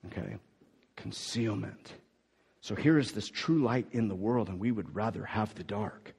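A man's voice: fairly low pitch, a little slow, creaky, darkish tone, breathy edge. A man preaching a sermon in an emphatic, conversational way, restarting and repeating words as he goes. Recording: long hall reverb.

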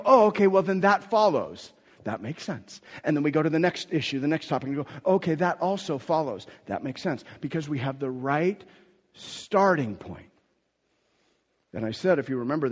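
Emphatic preacher man in a reverberant hall. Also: on the high side. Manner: emphatic preaching, swelling and dropping in force. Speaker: pastor. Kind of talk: sermon.

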